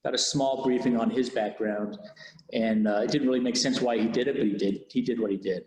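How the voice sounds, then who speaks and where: A police officer recounting a personal experience in an interview, candid and halting, with many restarts. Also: male voice, medium pitch, steady tone, darkish tone. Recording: echoey room with long reverb.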